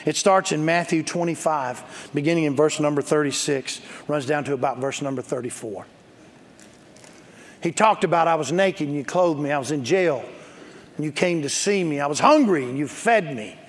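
A man's voice: a little high, moderate pace. A man preaching a sermon as pastor, emphatic and calling for responses from the congregation, with joking storytelling asides. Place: church sanctuary. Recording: long hall reverb.

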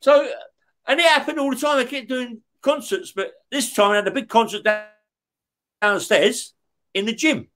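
Faint music plays behind a middle-aged man whose voice is extremely high and fairly bright, at normal speed. A former career criminal being interviewed, he tells stories with constant swearing, laughing as he goes and asking "yeah?".

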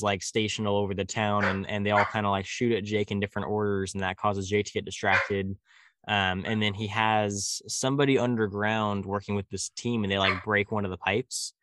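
A man's voice: fairly low pitch, fairly bright tone, slight background noise. A man from California with a slight country drawl, chatting casually and rambling with many fillers. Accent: rural Californian, slight country drawl. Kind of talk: casual conversation.

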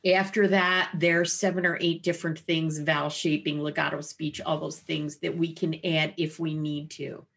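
A woman voice therapist explaining her methods in an interview, with an animated, wide-ranging inflection. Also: sits low, moderate pace, vocal fry, hardly any pauses. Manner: explanatory and clinical.

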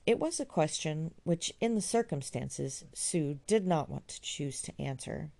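A woman narrates a classic novel in a measured, expressive reading style. Her voice sits on the low side and moves with lively pitch. It has a mellow tone with a gravelly grain. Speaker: audiobook reader.

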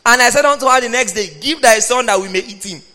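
Animated high-voiced preacher in a reverberant hall. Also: male voice, fast talker. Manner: emphatic, animated, sometimes shouting, reading scripture aloud. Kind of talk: sermon.

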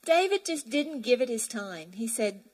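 A woman's voice: fairly high pitch, very animated, moderate pace, darkish tone, poor audio. A woman preaching a sermon emphatically, reading scripture aloud.

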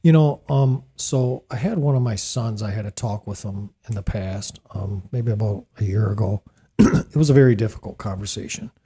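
A middle-aged man hosting a casual faith talk, preachy and excitable. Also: on the low side, normal speed, breathy edge. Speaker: host.

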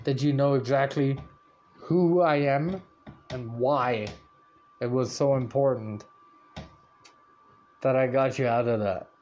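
A young man hosting a podcast, telling a story in a profane, animated rant. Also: mid-range voice, slow pace, long pauses, muffled recording, a little hiss or hum. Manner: swears constantly, animated and rant-like. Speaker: podcast host.

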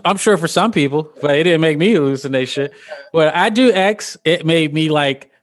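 A woman in her thirties, a podcast guest telling stories in casual chat, animated and profane, laughing often. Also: deep voice. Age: 30s.

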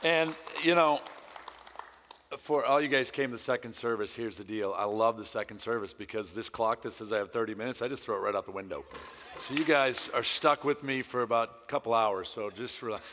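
A middle-aged guest pastor from Southern California preaches a sermon loudly, intensely and passionately. His voice is medium-pitched and brisk, and the church hall gives it a long reverb.

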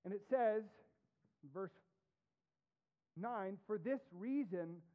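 A male pastor preaching a sermon, reading scripture aloud with deliberate weight as his voice rises and drops sharply for emphasis. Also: sits high. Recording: tinny, phone-like narrow sound.

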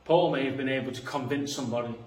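A man preaching a sermon, earnest, moving between quiet reflective passages and rising emphasis. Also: mid-range voice, quick pace, slight background noise. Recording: echoey room, voice a bit far from the mic.

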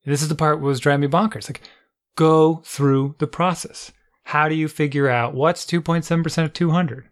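Animated man telling a parenting story. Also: on the high side, moderate pace. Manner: animated storytelling, exasperated asides. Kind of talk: casual chat.

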